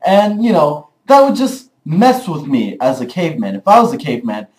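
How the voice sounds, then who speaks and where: A young man rants loudly into his camera with a lively, bouncing voice that sits a little high for a man. He talks in a rambling, profane way, full of fillers. The small room around him sounds echoey. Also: normal speed. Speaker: vlogger. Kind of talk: casual comedic rant.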